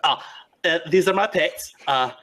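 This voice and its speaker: A man's voice: a little high, measured pace, bright, forceful tone, pitched above the performer's own voice. A man voicing an eager, talkative young male wanderer who jabbers constantly.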